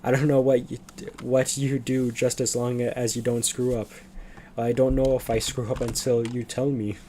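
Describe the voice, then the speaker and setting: A man's voice: mid-range voice, flat delivery, normal speed, warm tone, a little hiss or hum. A man streaming live, rambling casually and chuckling as he comments on a game. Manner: rambling, chuckling, self-deprecating.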